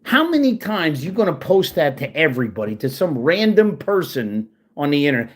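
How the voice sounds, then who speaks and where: Husky, animated man ranting. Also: fairly high pitch, normal speed, hardly any pauses. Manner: profane, angry, sarcastic; talks while working at a computer. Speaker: channel host. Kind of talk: casual rant to camera.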